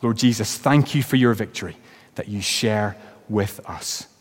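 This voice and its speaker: Pastor in a reverberant hall. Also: male voice, fairly low pitch, unhurried, husky. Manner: reads a story aloud with rising, shouted quotes. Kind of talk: sermon with closing prayer. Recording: long reverb of a church hall.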